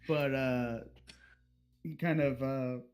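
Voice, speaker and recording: A man's voice: mid-range voice, steady tone, takes it slowly, a little mellow. A man narrating as game master, crude and playful, slipping into characters' voices.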